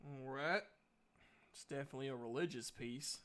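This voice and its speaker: A man narrating a tabletop game as game master in a relaxed, chatty way. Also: mid-range voice, normal speed.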